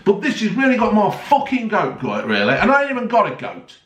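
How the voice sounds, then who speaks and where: A man's voice: high voice, wildly swooping pitch, a little fast, a bit bright, far from the mic. A sarcastic man, ranting heatedly and swearing constantly in a vlog. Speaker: vlogger. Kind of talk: angry ranting monologue. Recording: roomy, voice a bit off-mic.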